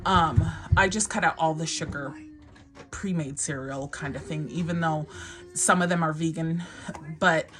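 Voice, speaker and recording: A woman's voice: low voice, steady tone, unhurried, a bit bright, faint music behind. A woman in her thirties, a mother vlogging in a casual, rambling way with many fillers and frequent laughs. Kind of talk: casual chat to camera.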